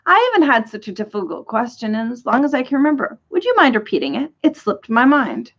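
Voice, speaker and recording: A woman's voice: on the high side, very animated, brisk. A woman voicing a cheerful, muddled ordinary man who holds four jobs and keeps forgetting things. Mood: cheery. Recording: dull lo-fi recording.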